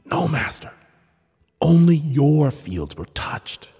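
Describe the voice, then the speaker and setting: A man voicing a frightened young male servant, speaking high and trembling as he brings bad news. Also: very animated, slow pace, gravelly, mellow, husky, long reverb tail, faint music behind, exaggerated voice. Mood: fearful.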